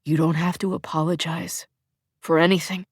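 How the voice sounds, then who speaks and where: A woman whispering as a gentle, devoted man. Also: fairly high pitch, level tone, normal speed, breathy edge, no room sound. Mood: soft reassuring. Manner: soft, hushed, close whisper. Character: gentle, devoted adult man comforting his partner. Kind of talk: whispered role-play.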